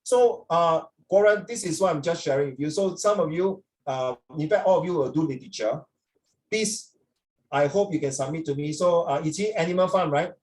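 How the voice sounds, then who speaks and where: A man's voice: a little high, moderate pace, a little mellow, rough recording. A man with a Singaporean accent teaching a class in a chatty, casual way, switching between English and Mandarin and checking that students agree with him.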